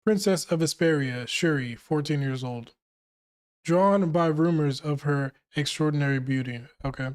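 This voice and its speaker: A young man reads a manga chapter aloud and reacts to it as he goes, cracking jokes and laughing along the way. His voice sits a touch higher than most men's, and his talk stays relaxed and casual. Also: normal speed. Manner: reads dialogue aloud, breaks off to joke and laugh.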